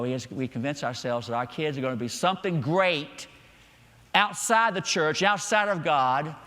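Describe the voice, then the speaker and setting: A middle-aged male pastor preaching a sermon, swinging between loud emphatic lines and quiet, hushed ones. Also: a little high, in a large hall. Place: church sanctuary.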